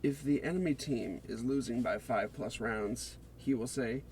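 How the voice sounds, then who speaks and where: A man reading out a scripted, deliberate presentation of a character concept for a game. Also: medium pitch, a little mellow, slight background noise. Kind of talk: read-aloud character pitch.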